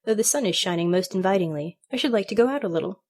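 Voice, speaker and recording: A woman's voice: medium pitch, lively intonation, quick pace, darkish tone, close to an everyday voice. Storybook young divinity student, male, restless and longing, read by a woman. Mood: yearning.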